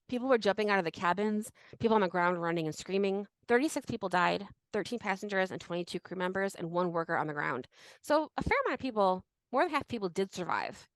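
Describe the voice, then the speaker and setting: Woman podcast host rambling through a history story, says like a lot, mid pitch, dry close mic. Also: no echo, rough recording. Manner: chatty, full of "like" and restarts. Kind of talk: casual history chat.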